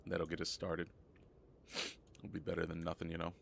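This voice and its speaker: A hoarse, sick young man streaming live gameplay, chatting casually and rambling, often repeating himself. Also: low-pitched, monotone, normal speed, fairly bright tone, slight background noise. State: hoarse from a cold.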